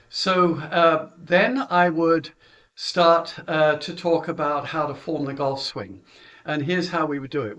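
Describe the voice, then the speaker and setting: Middle-aged British golf coach, man, fairly high voice, anecdotal and chatty, muffled lo-fi recording. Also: fairly bright tone. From Britain. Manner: chatty, anecdotal, with chuckles and filler words. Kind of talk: recounting how he runs junior lessons.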